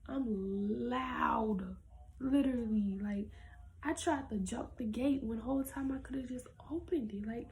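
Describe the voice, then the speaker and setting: A woman's voice: on the high side, measured pace, slight background noise, low-quality recording. Young woman telling a story, half-whispered. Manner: animated, often dropping to a whisper. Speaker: vlogger. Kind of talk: casual storytime.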